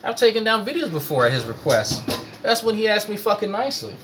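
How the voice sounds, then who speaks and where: Animated, profane man ranting. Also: high voice, fast, background noise. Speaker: commentary host. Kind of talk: casual ranting commentary.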